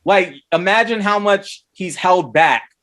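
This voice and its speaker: A man co-hosts a podcast in loose casual chat. His voice sits a little high, and he rambles, restarts and swears freely. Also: measured pace, a bit bright. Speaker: podcast co-host. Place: DC area.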